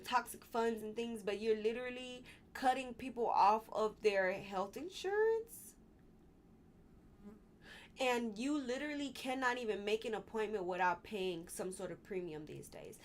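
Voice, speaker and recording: A young woman with a mid-range voice hosts a live stream, chatting casually about politics. She gets worked up, repeats her questions, and alternates between fussing and apologizing. There's a little hiss or hum in the audio.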